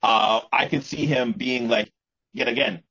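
A man's voice: medium pitch, steady tone, measured pace, bright, forceful tone, husky. A man co-hosting a podcast, talking in a rambling way and often restarting his sentences. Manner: rambling, repeats and restarts words. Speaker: podcast co-host. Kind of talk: casual chat. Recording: muffled lo-fi podcast audio.

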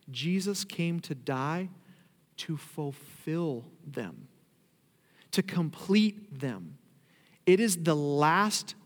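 A man delivers a sermon from the front of a church, his voice sitting a touch high for a man. He talks in a conversational way, then climbs into emphatic, drawn-out declarations. The sound carries a long hall reverb from the sanctuary around him. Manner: conversational preaching with emphatic rises. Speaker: pastor.

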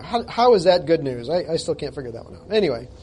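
A man's voice: on the high side, sing-song, quick pace, dark tone, a little hiss or hum. A male pastor preaching a sermon, reading scripture aloud and speaking in an emphatic, conversational way with jokes at his own expense.

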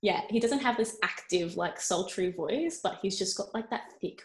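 A woman's voice: mid-range voice, expressive, moderate pace. A woman co-hosting a casual podcast chat from a room at home, playful and teasing. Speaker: podcast co-host. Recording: roomy home recording.

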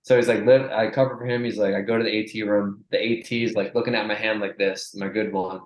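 A young man with a lowish voice spins a rambling, profane story, acting out what everyone said. He talks casually as a strength coach would with a friend, and the room gives his voice a noticeable echo. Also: fast talker. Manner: animated, profane, acts out quotes.

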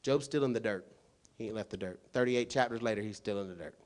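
A man preaching a sermon in a colloquial, emphatic way, dropping to quiet asides and rising to loud, shouted points full of rhetorical questions. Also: on the low side, fast talker.

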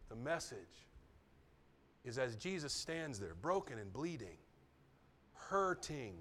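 A middle-aged man preaching a sermon, dropping to hushed, near-whispered asides before climbing into loud, emphatic repetitions. His voice sits in a middle register and gets livelier as he builds. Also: mid-range voice, very animated, a little slow. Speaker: pastor.

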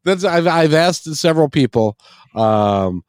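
A man's voice: a little high, lively intonation, measured pace, clean tone, no room sound, studio quality. A man hosting a casual interview, hesitant with frequent restarts and fillers.

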